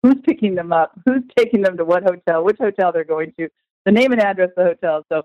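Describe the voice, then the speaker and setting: A woman's voice: on the low side, fast talker, no echo, lo-fi sound. A woman guest in a conversational interview, talking with enthusiasm and at length. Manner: enthusiastic, talkative. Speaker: guest, tour organizer.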